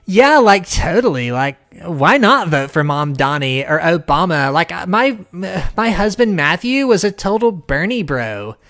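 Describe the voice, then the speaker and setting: A man's voice: a little high, very animated, measured pace, few pauses, a bit bright, exaggerated voice. A man putting on the voice of an airheaded, trendy young liberal woman, drawling and saying "like" over and over. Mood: mocking. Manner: valley-girl drawl with constant "like".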